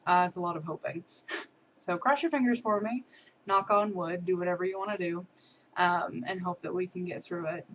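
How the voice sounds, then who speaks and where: A woman's voice: lowish voice, slight background noise. Chatty young American woman, lo-fi vlog. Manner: chatty, upbeat, many ums and soft laughs. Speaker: vlogger. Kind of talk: casual video diary update. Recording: muffled lo-fi camera audio.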